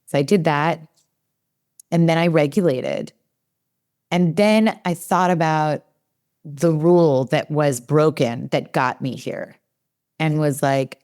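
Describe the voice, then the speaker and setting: Woman in her forties, low-pitched, chatty podcast guest, lots of fillers and quoted asides. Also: slow, long pauses, darkish tone. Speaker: guest, developmental psychologist. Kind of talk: conversational podcast interview.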